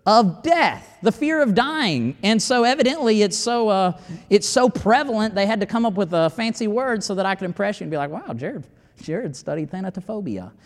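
A man preaching a sermon in a folksy, conversational way, quoting scripture. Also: high-pitched. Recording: hall reverb.

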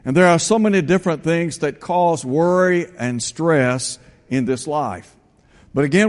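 A man preaching a sermon, reading scripture aloud and slowing down to stress the quoted verses. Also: fairly high pitch, big-room sound.

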